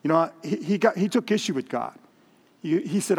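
A man's voice: a little high, animated, moderate pace, breathy edge. A man preaching a sermon in a conversational way, repeating words and asking the congregation questions. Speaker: pastor. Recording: long reverb in a hall.

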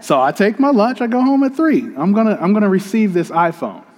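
A male pastor with a fairly high voice delivers a sermon as a casual, conversational story told straight to the congregation. His voice rings with the long reverb of a church hall. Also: very animated, a little fast, darkish tone.

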